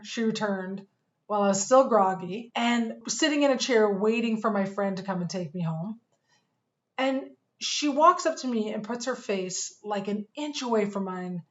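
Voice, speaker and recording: An earnest woman narrates a personal story for a course, speaking in a measured way and pausing often. Her voice sits at an ordinary middle pitch. The recording sounds a little dull and muffled. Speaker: fitness coach course instructor.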